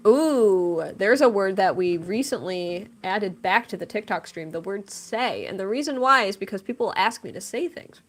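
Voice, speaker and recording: A young woman hosting a casual livestream, reading chat aloud, laughing often and telling stories with lively quoted voices. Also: moderate pace, hardly any pauses, soft background music. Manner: animated storytelling with big pitch jumps in quotes. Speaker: livestream host and artist.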